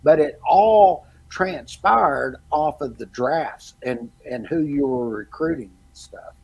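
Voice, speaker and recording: A middle-aged man from Texas tells football stories in a casual, animated way. His voice is gravelly and husky. He sounds like a relaxed co-host of a sports chat show. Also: fairly high pitch, takes it slowly, rough recording. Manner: animated storyteller, quotes others in lively bursts. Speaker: podcast co-host.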